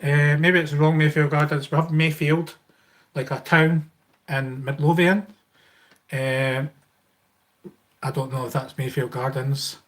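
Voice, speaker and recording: A man's voice: on the high side, little pitch movement, unhurried, long pauses, a bit bright. A middle-aged Scottish man hosting a live Q&A stream, talking in a rambling way with many fillers and restarts as he thanks viewers. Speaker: YouTube channel host.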